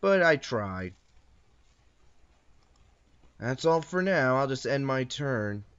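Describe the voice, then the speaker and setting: Casual male card game host, mid-range voice, teasing and explanatory, slightly muffled low-fi recording. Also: lively intonation, slow pace, a bit bright, clean tone. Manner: explains each move, playful taunts, frequent self-corrections. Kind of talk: casual commentary while playing an online card game.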